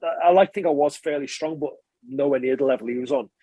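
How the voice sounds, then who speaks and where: A man, a former rugby player, telling stories in a relaxed interview and chatting casually with frequent swearing and restarts. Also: medium pitch, quick pace, breathy edge, dry recording. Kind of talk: casual conversational storytelling.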